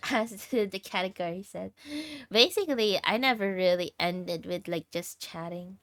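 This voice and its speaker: A woman's voice: on the low side, measured pace, fairly bright tone, no room sound. A tired young woman livestreamer chatting casually with her viewers and laughing often. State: tired, sleep deprived.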